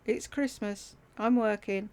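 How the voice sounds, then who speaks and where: This middle-aged YouTuber speaks at medium pitch in a steady, slow, slightly mellow and smooth voice while candidly sharing a family story from her life. Wry humour and a few swear words come through, recorded on a desktop USB mic.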